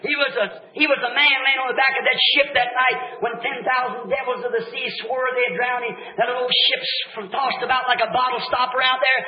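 A man preaching a revival sermon, shouting fervent declarations and then dropping to hushed, low passages. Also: steady tone, a little fast, few pauses. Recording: dull echoey old tape recording.

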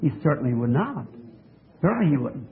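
A man's voice: fairly high pitch, sing-song, fairly quick. A man preaching a sermon in a church, asking the congregation questions and pressing his points emphatically. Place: church tabernacle. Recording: tinny lo-fi old tape.

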